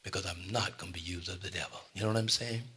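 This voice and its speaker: An older man preaches a sermon in church, his low voice bright and forceful with a husky grain. He moves between quiet, confiding asides and sharp, loud declarations, often calling out to his congregation. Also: fast talker. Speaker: pastor.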